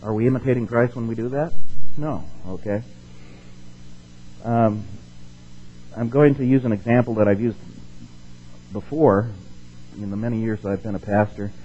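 A man's voice: fairly low pitch, fairly even intonation, moderate pace, pauses often, warm tone, soft background music. Male pastor preaching, dull lo-fi sound. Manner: reads scripture aloud with rising force, asks the congregation questions. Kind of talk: sermon.

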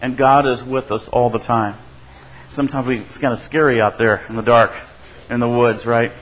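A man's voice: fairly even intonation, normal speed, rough recording. A man preaching a sermon as a pastor, conversational and often checking in with his listeners. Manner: conversational, asks the congregation "right?"; acts out quoted voices with shifts in pitch and loudness.

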